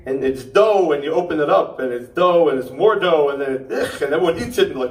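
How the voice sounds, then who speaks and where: Ranting young stand-up comic, roomy and distant. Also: male voice, a little high, animated, fairly quick. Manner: ranting, punchy asides with frequent "okay?". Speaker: stand-up comedian. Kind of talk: stand-up set. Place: pop-up theater stage. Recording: roomy theater sound from far off.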